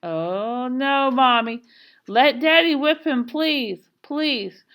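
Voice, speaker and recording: A woman voicing a frightened little girl who begs in a high, tearful voice. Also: very slow, fairly bright tone, exaggerated voice. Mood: pleading.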